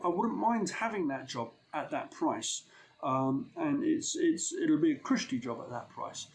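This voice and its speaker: A man's voice: mid-range voice, a little hiss or hum. Blunt chatty man. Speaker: window cleaning business owner. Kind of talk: casual advice vlog.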